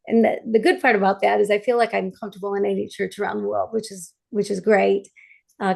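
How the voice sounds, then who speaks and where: Gravelly-voiced woman hosting an interview. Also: mid-range voice. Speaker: podcast host. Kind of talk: interview conversation.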